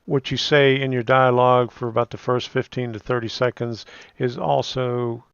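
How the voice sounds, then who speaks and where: Pittsburgh guy walking thru his screen real slow, gravelly, dull dry lo-fi sound. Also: mid-range voice, little pitch movement, no room sound. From Pittsburgh, USA. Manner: slow, halting, with "um" fillers. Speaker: YouTuber giving channel tips. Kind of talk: casual screen-recording walkthrough.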